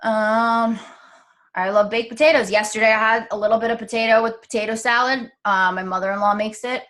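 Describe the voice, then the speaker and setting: A woman's voice: a little high, brisk. A woman vlogger chatting casually, telling stories animatedly with lots of "um" and "like". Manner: chatty, animated storytelling with frequent fillers. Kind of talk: casual chat.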